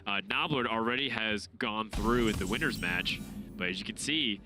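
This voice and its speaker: A man's voice: fairly low pitch, normal speed. A man casting a card game tournament, analytical with joking asides. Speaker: esports caster. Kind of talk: play-by-play commentary. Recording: music bed under commentary.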